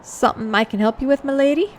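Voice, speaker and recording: Lady voicing a grumbly lowborn soldier guy, plain folksy talk, bit high. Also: fast, slight background noise, close to an everyday voice. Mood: frank. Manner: rough common speech, folksy. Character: lowborn male soldier, blunt and mercenary.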